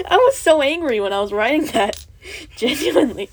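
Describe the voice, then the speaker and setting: A young woman hosts her own podcast alone, rambling and swearing as she vents. Her fairly high voice swings widely in pitch, and she keeps breaking into laughter. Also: big pitch swings, measured pace. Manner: profane, rambling, laughing through angry venting. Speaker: podcast host. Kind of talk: casual solo podcast rant.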